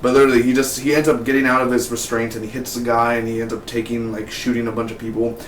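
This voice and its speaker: A man's voice: medium pitch, flat delivery, fast. Laid-back guy rambling through a tv episode recap, keeps saying dude and man, faint hum in the back. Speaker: TV episode reviewer. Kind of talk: casual spoken review. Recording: roomy echo, mic some distance away.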